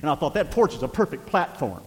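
An older man preaching a sermon as pastor, swinging between emphatic shouting and hushed, conversational asides. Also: a little high, very animated, quick pace, in a large hall, poor audio.

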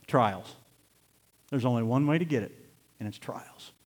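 A man preaching a sermon as pastor, swinging between loud, laughing bursts and hushed, slow scripture reading. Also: medium pitch, animated. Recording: long hall reverb.

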